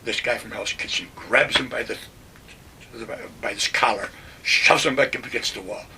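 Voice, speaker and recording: Gravelly old veteran from Western New York. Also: male voice, fairly low pitch, normal speed, recorded from a distance, background noise. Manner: plainspoken, animated retelling with acted-out quotes. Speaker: WWII veteran telling war stories. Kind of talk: oral history storytelling.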